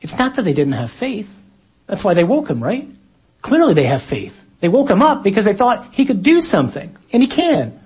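A male preacher delivering a sermon in a somewhat high, husky voice. He muses quietly, then breaks into dramatic loud bursts. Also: huge pitch swings, normal speed.

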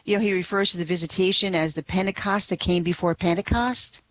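A woman guest on a radio talk show, enthusiastic and quick to laugh. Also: on the low side, no echo, dull audio. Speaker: guest, blog writer.

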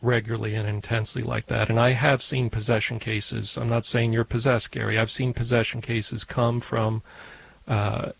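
A man on a radio call-in show answering a caller in a measured, explanatory way. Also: medium pitch, flat delivery, gravelly, husky, poor audio.

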